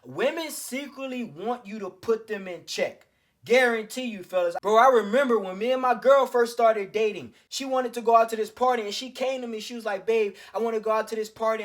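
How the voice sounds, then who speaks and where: Blunt slangy man giving dating advice. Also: sits high. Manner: blunt, slangy, profane, addresses listeners as fellas. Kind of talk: casual storytelling monologue.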